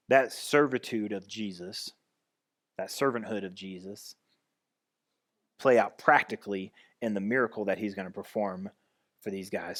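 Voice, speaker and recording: A man pastor giving a conversational sermon, restarting and repeating phrases as he goes. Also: on the low side.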